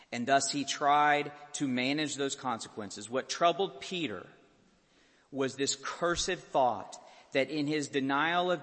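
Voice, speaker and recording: Man, pastor, sermon, impassioned, rising to loud peaks, reverberant hall. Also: mid-range voice. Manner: impassioned, building to shouted peaks.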